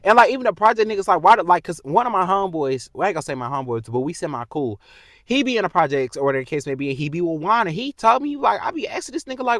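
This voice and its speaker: Fired-up young man ranting, lively pitch. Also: racing, no room sound, studio quality. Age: 20s. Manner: heated, profane, talks straight to the viewer. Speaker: vlogger. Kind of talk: casual storytime rant.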